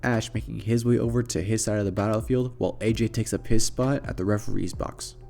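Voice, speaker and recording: A man telling a fan-made adventure story in a casual, chatty way, often turning to address his listeners. His voice sits low and mellow, with faint music playing underneath. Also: fairly even intonation, brisk, gravelly.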